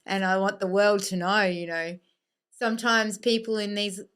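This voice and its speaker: Woman, Australian accent, smooth clear voice, podcast host, encouraging. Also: medium pitch, steady tone, normal speed, fairly bright tone. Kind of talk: casual interview chat.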